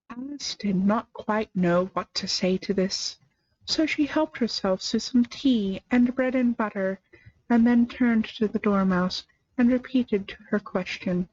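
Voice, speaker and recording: A woman narrating a storybook in a live reading, with an expressive, measured delivery. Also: mid-range voice. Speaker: storybook reader. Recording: dry, slightly muffled lo-fi sound.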